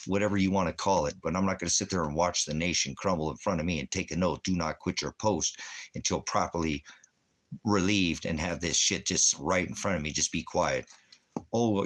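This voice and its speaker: A man's voice: deep voice, fairly bright tone. A man, a veteran and former police officer, ranting heatedly with constant profanity. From United States. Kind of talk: angry ranting monologue.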